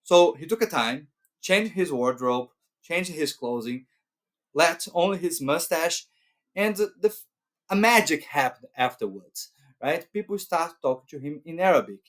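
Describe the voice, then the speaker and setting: A man's voice: on the high side, lively intonation, fairly bright tone. Man with a Brazilian Portuguese accent. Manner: unhurried, tags points with "right?". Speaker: language learning vlogger. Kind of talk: casual advice talk.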